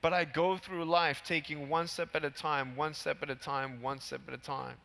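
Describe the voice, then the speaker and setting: A man's voice: a little high, moderate pace, vocal fry. A man in his thirties giving a motivational keynote speech at a large convention, telling stories and acting out the scenes. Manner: animated storytelling, acting out scenes. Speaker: keynote speaker. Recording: long hall reverb from PA.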